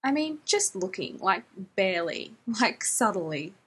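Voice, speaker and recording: A woman's voice: medium pitch, sing-song, a little slow, a bit bright, husky, full character voice. A woman voicing a weary, bruised young man who mutters, trails off and jokes wryly. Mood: tired, sheepish.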